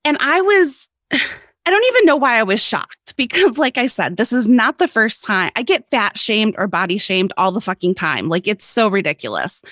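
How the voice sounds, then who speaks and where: A woman's voice: a little high, very animated, moderate pace, fairly bright tone, no echo, clean studio sound. A woman guest on a podcast telling a personal story in a candid, casual way, swearing freely and laughing often.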